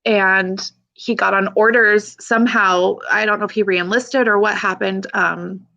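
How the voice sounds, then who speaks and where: A woman in her thirties talks openly in an interview, her voice sitting at an ordinary middle pitch. She swears casually and breaks into laughter between heartfelt remarks. The recording sounds a little dull and lo-fi. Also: fairly even intonation, unhurried, gravelly, pushed and bright. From Pacific Northwest, USA. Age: 30s. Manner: frank and emotional, swears casually, laughs often. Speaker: army veteran guest. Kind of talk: candid podcast interview.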